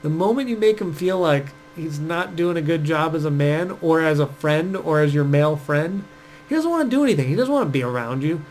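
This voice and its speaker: A man's voice: on the high side, lively intonation, a little fast, darkish tone, slight background noise, poor audio. A man giving casual dating advice, chatty and full of fillers, acting out quoted speech as he goes. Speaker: dating coach.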